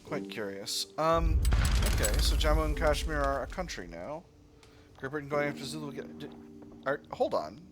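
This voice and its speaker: A man's voice: on the high side, expressive, moderate pace, heavy background noise. A man hosting a gaming channel, musing and rambling with fillers as he comments on a strategy game.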